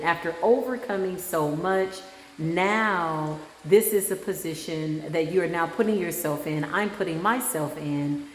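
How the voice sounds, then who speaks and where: A woman's voice: mid-range voice, a little hiss or hum. A woman, a spiritual practitioner, leading a guided meditation with soothing affirmations and frequent "right?" check-ins. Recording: echoey room with long reverb.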